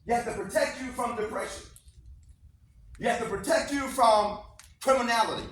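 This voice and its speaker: High-voiced man giving an emphatic pep talk. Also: normal speed, a bit bright. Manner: emphatic, repetitive call-and-response. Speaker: motivational speaker. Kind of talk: motivational speech to students. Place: school classroom. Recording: echoey classroom from far off, faint noise.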